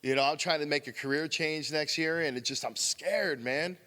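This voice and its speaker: At a recovery meeting, a member, an adult man with a wife and a daughter, shares openly and at length, frequently saying "man" and laughing through it. His voice is a little high, pushed and bright, at normal speed, with long hall reverb around it.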